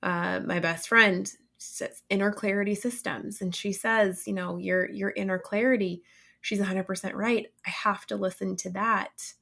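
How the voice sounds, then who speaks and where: A woman speaking as a guest in a casual podcast conversation. She talks earnestly and with emphasis, and drives her points home by repeating phrases. Her pitch sits in a middle range. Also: steady tone, normal speed, creaky, fairly bright tone.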